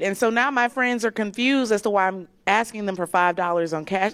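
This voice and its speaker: A woman from Georgia delivers raunchy stand-up comedy, brash and unfiltered. She laughs through her punchlines. Her voice sits in an ordinary middle pitch. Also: fairly even intonation, fairly quick, a bit bright, a little hiss or hum. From Decatur, Georgia, USA.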